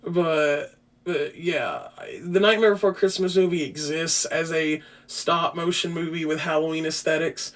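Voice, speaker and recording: Brief: high-pitched male podcast host, swears constantly, rambles through a casual film review. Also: a little slow. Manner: profane, rambling, frequent restarts; grows loud and animated.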